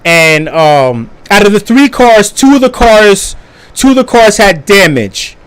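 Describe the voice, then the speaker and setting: High-voiced young man, stammering storyteller. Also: big pitch swings, measured pace, fairly bright tone, clean tone. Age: young adult. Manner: profane, stammering restarts, laughs while telling. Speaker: live stream storyteller. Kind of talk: casual storytelling on a live stream.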